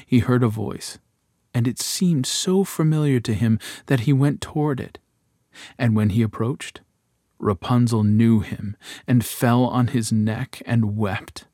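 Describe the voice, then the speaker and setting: A man reads a fairy tale aloud in a slow, even, measured way. His pitch sits in the middle range. The recording is close and dry. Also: no room sound. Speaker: narrator.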